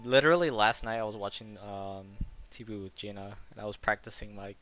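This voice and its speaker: A man's voice: lowish voice, brisk, a crowd in the background. A man talking through his game character with lots of hesitations and fillers. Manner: hesitant, filler-heavy musing. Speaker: tabletop game player. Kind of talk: casual chat between players.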